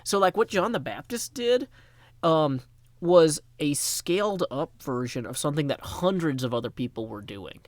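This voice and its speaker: A gaming streamer from Tennessee keeps the talk loose and jokey, rambling while thanking donors. His animated voice sits on the high side at a moderate pace, with no echo.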